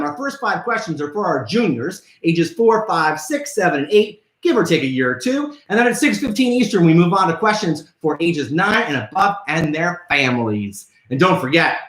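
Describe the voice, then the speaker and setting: A man's voice: high-pitched, expressive, normal speed, hardly any pauses, a bit bright, roomy sound. A man hosting a live trivia show for children, playful and theatrical, calling out to his viewers. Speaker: kids' trivia show host.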